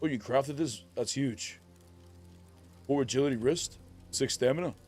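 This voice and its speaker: A man's voice: medium pitch, normal speed, a little mellow, husky, faint music behind. A man streaming a video game, chatting casually with laid-back, jokey banter. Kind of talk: casual live-stream commentary.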